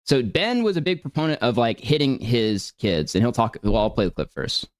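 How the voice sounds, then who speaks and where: A man's voice: medium pitch, animated, moderate pace, no room sound. A man talks through his side of things in casual, rambling sentences that often restart. His voice moves around a lot, and the sound is dry and close to the mic. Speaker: streamer responding to allegations. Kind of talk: casual explanatory talk.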